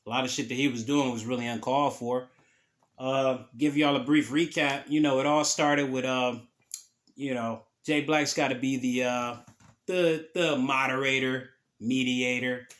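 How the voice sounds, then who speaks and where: A man's voice: medium pitch, fairly bright tone. A man hosting a podcast, recapping an event in a loose, casual, profane storytelling way. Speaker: podcast host.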